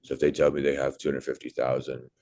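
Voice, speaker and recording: A young man with a low voice talks his sales team through the job in a loose, casual way. He is animated and keeps breaking into a bright, put-on phone-rep voice to act out calls. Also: fast, a little hiss or hum. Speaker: sales trainer. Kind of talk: casual sales coaching talk.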